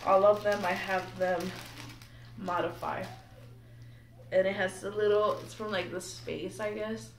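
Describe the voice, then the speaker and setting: A young woman chatting excitedly to camera while unboxing something at home, nervous and giggly. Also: medium pitch, a little slow, long pauses. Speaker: vlogger. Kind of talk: casual unboxing chat to camera. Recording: echoey room, mic a bit distant, faint background noise.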